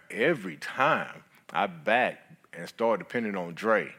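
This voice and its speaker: Middle-aged male guest speaker, lower voice, earnest halting sermon testimony. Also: sharp tone. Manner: halting, earnest storytelling with many restarts.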